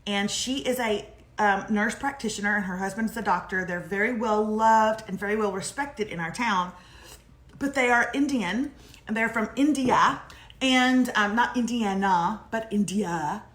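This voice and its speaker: A woman in her forties, co-hosting a live morning show and telling stories in a chatty, animated way. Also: medium pitch, a little slow. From Texas. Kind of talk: casual live chat. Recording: echoey room.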